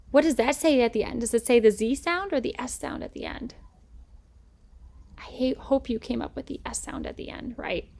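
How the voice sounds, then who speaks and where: Patient, higher-voiced woman teacher. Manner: patient, stretches out letter sounds slowly; checks in often with "okay?" and "right?". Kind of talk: recorded remote reading lesson.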